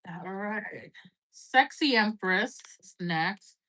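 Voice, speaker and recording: A woman's voice: mid-range voice, animated, very slow, sharp tone. A woman giving a casual live-stream tarot reading, chatty and loose, peppering her talk with "like" and "right?" and the odd swear word. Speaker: tarot reader.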